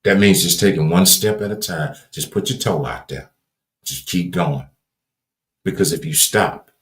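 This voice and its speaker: A deep-voiced man with a Southern drawl talks like a preacher on his livestream. His cadence is folksy and repetitive, and he leans hard on his words. The sound carries a noticeable room echo. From Louisiana. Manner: emphatic and earnest, builds to raised emphasis. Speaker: livestream host. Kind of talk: preachy motivational talk.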